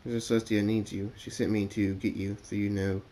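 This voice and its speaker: A man voicing a brisk male demon pony messenger. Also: fairly low pitch, little pitch movement, dark tone, lightly acted.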